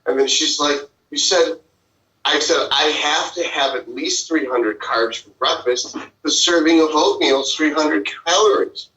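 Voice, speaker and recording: A man with a fairly high, bright voice tells stories bluntly and swears freely in casual podcast chat. He sits back from the microphone in an echoey room, and the sound comes through dull and lo-fi. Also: a little slow. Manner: blunt, profane storyteller. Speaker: physician and podcast host. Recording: roomy, distant, dull lo-fi sound.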